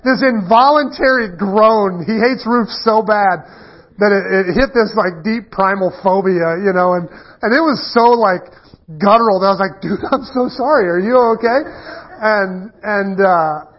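A man's voice: high-pitched, a little slow. A middle-aged man preaching a conversational sermon, telling stories in a casual, self-deprecating way with frequent restarts. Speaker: pastor. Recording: dull muffled lo-fi recording.

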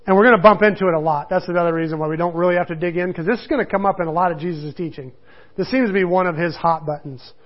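A man's voice: high-pitched, rapid-fire. A middle-aged man teaching a casual Bible study, conversational, chuckling and acting out the quotes he tells. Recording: dull lo-fi recording.

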